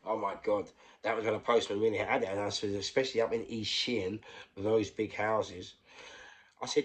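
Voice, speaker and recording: A man with a London accent spinning a rambling, emphatic tale in a low voice. He swings between loud asides and hushed whispers when he quotes himself. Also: fairly even intonation, fairly quick. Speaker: storyteller. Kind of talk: casual storytelling monologue.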